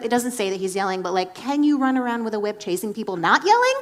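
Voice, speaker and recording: A woman preaching in a casual, chatty way, animated and filling her talk with "like.". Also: on the high side, fast. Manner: chatty and animated, heavy use of "like". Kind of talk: casual sermon.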